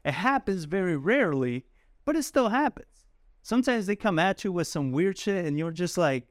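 A man's voice: sits high, lively intonation, normal speed, no echo, clean studio sound. Casual man coaching on cold calls. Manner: casual, laughs often, acts out calls in a soft apologetic voice. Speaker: sales coach. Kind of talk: coaching talk to camera.

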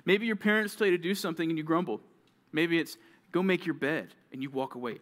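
A youth pastor preaches to junior high students in a lively, conversational way. He tosses in quick asides where he acts out grumbling teenagers.

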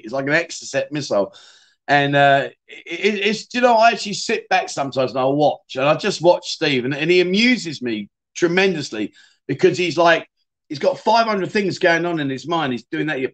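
A middle-aged man, hosting a casual livestream and chatting through viewer comments in a rambling way, often repeating words and restarting sentences. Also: on the high side. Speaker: livestream host.

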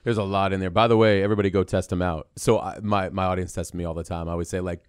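A man's voice: low voice, little pitch movement, racing, few pauses, smooth, no room sound, clean studio sound. A man hosting an interview, talking in a loose, easygoing way with plenty of fillers. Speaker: interview host. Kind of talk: conversational interview.

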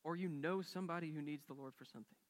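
A man's voice: on the high side, rapid-fire, in a large hall. A man preaching a sermon as a pastor, telling a story earnestly and acting out the quoted dialogue with rising and falling intensity. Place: church sanctuary.

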